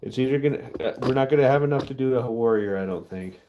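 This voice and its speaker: A man's voice: medium pitch, fast talker, lo-fi sound, slight background noise. A man casually chatting with his live-stream viewers while he works, laid-back and chatty. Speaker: livestream host pouring metal.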